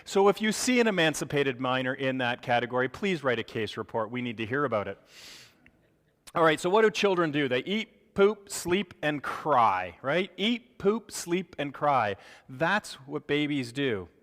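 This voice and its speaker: A man giving a live medical lecture to clinicians, animated and joking, acting out parents' reactions. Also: mid-range voice, normal speed, in a large hall.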